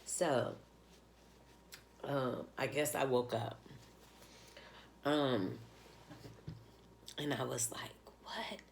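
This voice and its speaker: Very deep-voiced woman, close to tears, heartfelt rambling storytime, faint background noise. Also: steady tone, very slow, gravelly, long pauses. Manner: heartfelt, rambling, with many fillers. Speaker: vlogger telling a personal story. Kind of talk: emotional storytime narration.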